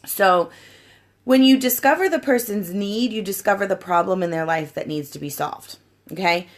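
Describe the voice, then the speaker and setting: A woman in her thirties giving a casual coaching talk to her team, acting out customer chats in a lively, chatty way. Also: medium pitch, normal speed. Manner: chatty, animated, acts out sales chats. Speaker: sponsor training her team. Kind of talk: casual coaching talk with role-play examples.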